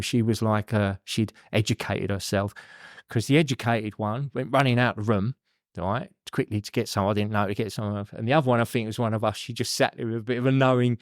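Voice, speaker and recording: A man's voice: lowish voice, no room sound, clean studio sound. A middle-aged man, a podcast guest telling his own story candidly, swearing freely and saying "you know" a lot.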